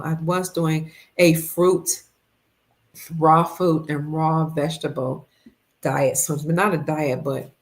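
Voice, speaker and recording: In a relaxed live-stream chat, this woman reads viewers' comments and says hello to them by name. Her low, creaky voice is slightly congested, and she's fasting.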